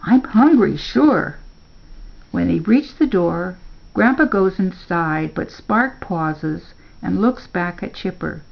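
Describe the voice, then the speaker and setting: An older woman reading a children's story aloud in a slow, measured way. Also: on the low side, expressive, gravelly, dull audio.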